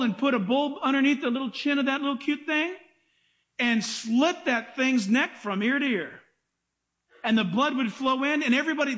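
A pastor preaching an animated sermon, acting out quotes and asking the congregation questions. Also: male voice, extremely high pitch.

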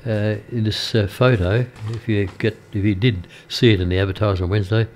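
Older aussie bloke on local radio, lowish voice, chatty and halting, studio mic. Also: male voice, fairly even intonation, a little mellow, a little hiss or hum. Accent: Australian. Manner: rambling and hesitant, many uhs. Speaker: radio presenter. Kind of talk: casual radio chat.

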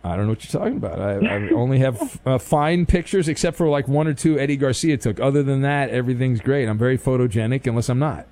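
A man hosting a call-in sports radio show, answering callers in a deadpan, sarcastic way. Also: mid-range voice, quick pace, few pauses, dry recording. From Orange County, California. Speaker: radio host.

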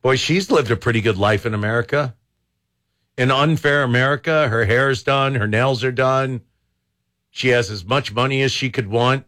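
A man's voice: mid-range voice, moderate pace, a bit bright. A man hosting a talk radio show, making wry, sarcastic asides in casual commentary at a studio microphone.

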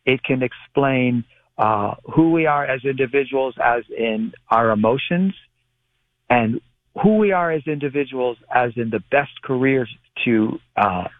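A man who is a guest on a call-in radio show explains palmistry in a measured way, often restarting his phrases. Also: medium pitch, no echo. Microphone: telephone. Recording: tinny phone line, dry.

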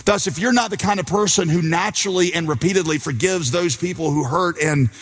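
A man's voice: high-pitched, fairly quick. A man preaching a sermon, telling a story and acting out its characters' lines. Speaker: pastor. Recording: long hall reverb.

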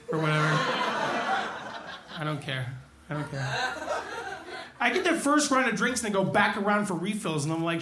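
A man doing a stand-up set, telling crude, deadpan stories about working in restaurants and swearing freely. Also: sits high, moderate pace, pauses often, roomy sound, noisy background. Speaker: stand-up comedian. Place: comedy club stage.

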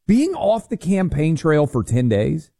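A man's voice: big pitch swings, a little slow, gravelly, dark tone, dry recording, studio quality. A man from Tennessee co-hosting a radio talk show, giving wry, opinionated takes with lots of fillers. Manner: wry, opinionated, many fillers, drops low to finish a point.

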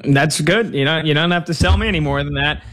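A man's voice: fairly high pitch, fairly quick, a bit bright, dry recording, studio quality. A man hosting a sports betting radio show, breezily plugging his guest and setting up questions. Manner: breezy plugs and chummy banter.

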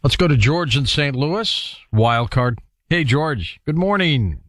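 A man hosting a radio call-in show, brisk and friendly as he moves between callers. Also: medium pitch, very animated, fairly bright tone, no echo, clean studio sound. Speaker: radio host.

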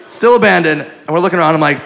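A man doing stand-up, telling a story in an animated, profane way and acting out the people in it, on a club mic. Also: a little high, fast talker, creaky. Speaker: stand-up comedian. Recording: live club mic with a noisy crowd.

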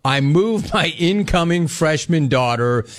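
A man's voice: a little high, animated, a little slow. Brash, teasing male talk show host. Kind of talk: live call-in show, reading viewer chats.

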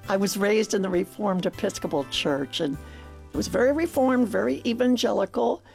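A woman's voice: medium pitch, moderate pace, vocal fry, darkish tone, soft background music. A woman radio host reminiscing about her upbringing.

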